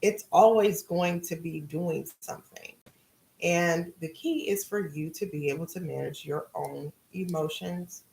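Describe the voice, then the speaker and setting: A middle-aged woman musing about spirituality and reading cards in a relaxed, conversational way. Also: fairly low pitch, gravelly, reverberant, poor audio. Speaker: spiritual card reader. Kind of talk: casual spiritual talk.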